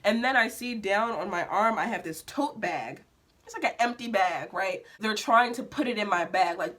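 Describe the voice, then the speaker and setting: Bright-voiced young woman, slangy and emphatic. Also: mid-range voice, animated, normal speed. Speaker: vlogger. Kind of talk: casual spiritual storytelling vlog.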